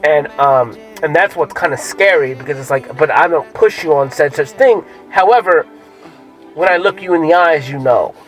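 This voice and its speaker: A man's voice: on the high side, normal speed, faint music behind, low-quality recording. Rambling, profane man. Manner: profane, rambling, with many fillers and restarts. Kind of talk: casual rambling monologue.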